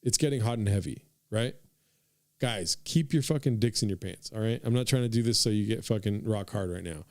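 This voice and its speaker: A man's voice: lowish voice, fairly quick, darkish tone, no room sound, studio quality. A young man hosting a podcast, telling a comic story in a rambling, profane way, full of "dude" and asides to his listeners. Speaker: podcast host. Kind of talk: casual comedic storytelling.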